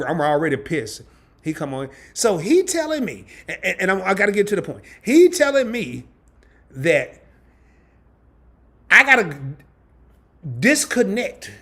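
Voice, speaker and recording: A man, hosting a casual live stream from his home and telling a story in an animated, laughing, colloquial way. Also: fairly high pitch. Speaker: host of a travel and credit card channel.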